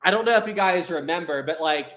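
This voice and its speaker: Young male streamer, chatty jokester, easy laughter, pitched a bit high. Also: fast talker, fairly bright tone. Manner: laughs often, jokey and rambling. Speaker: livestream host. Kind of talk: casual live chat reading Super Chats.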